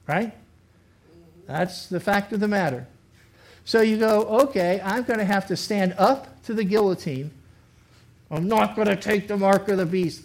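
A man, a pastor, preaching a sermon in a lively, conversational way, acting out imagined speakers. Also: sits high. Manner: animated, acts out imagined speakers. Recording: faulty recording.

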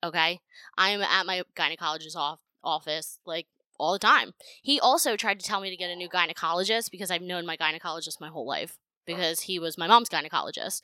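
Young adult woman podcast host, dry close mic, brash, profane, loud bursts of emphasis. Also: on the low side, fast talker, dry recording. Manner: blunt, profane and animated, with frequent laughter. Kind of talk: casual solo podcast monologue. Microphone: home podcast microphone.

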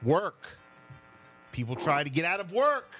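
A man's voice: on the high side, big pitch swings, measured pace, a bit bright, soft background music. A man hosting a call-in game show on the radio, upbeat and laughing easily.

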